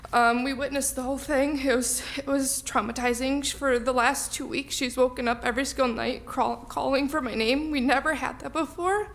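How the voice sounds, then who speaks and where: A woman's voice: high-pitched, a bit bright. Emotional young woman near tears. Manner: emotional, halting, many ums. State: close to tears. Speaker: resident speaking at public comment. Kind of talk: public comment at a village meeting.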